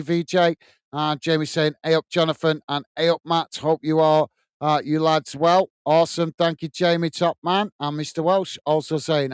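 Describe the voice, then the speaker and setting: A man's voice: fairly high pitch, smooth, no echo. British man hosting a live match watch-along. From United Kingdom. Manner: friendly, reads viewer comments aloud and greets them. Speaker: host of a football watch-along. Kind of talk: live match commentary and reading chat messages.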